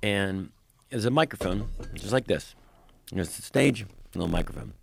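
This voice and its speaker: A man, a comedian guest, telling stories in casual chat in an animated, profane, laughing way. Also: fairly low pitch, moderate pace, vocal fry, a little hiss or hum.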